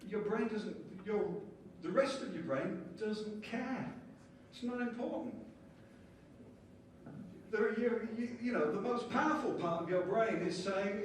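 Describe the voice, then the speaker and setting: A man giving a lively conference lecture and explaining ideas with small acted-out scenes. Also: high voice, measured pace, a little hiss or hum. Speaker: conference speaker. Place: conference hall. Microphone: distant from the mic. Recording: echoey hall from far off, faint ambience.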